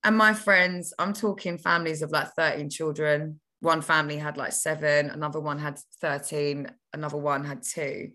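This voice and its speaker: A young woman, a podcast guest telling stories from her childhood in a lively, chatty way. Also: low-pitched, normal speed, hardly any pauses. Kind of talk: casual storytelling.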